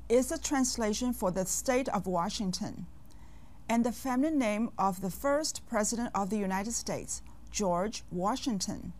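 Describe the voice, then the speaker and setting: Slow, lively-voiced woman language teacher. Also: on the high side. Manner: slow, carefully enunciated, with quizzing pauses. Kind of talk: scripted language lesson for kids.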